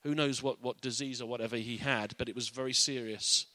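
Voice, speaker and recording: A man's voice: medium pitch, fairly even intonation, brisk, sharp tone, no echo. A man giving an informal, earnest Bible teaching in a conversational way.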